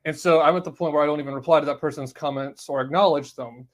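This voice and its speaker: A man's voice: fairly high pitch, fairly even intonation, fast. A man hosting his own podcast, giving solo commentary and stating his views point by point with emphasis. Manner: emphatic, declaring positions point by point. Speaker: podcast host.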